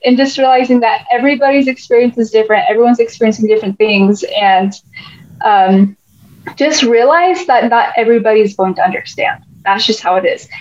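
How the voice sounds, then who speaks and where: American woman rambling on her podcast, kinda high voice, muffled lo-fi sound. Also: a little mellow. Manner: rambling, loses her train of thought, many restarts. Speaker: podcast host. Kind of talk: casual chat.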